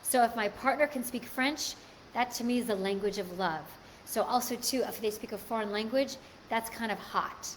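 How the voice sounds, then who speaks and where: A woman's voice: on the high side, moderate pace, slight background noise. A woman hosting a live stream, chatting casually and answering viewer comments. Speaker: livestream host.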